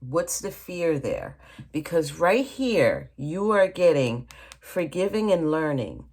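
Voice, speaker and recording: A woman with a notably low voice talks her way through a tarot reading at a table. She speaks casually and directly to the listener, often checking in with "okay?" and calling them "honey". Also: sing-song, takes it slowly, darkish tone. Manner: chatty, addresses viewer directly, frequent "okay?" and "honey". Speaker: tarot reader.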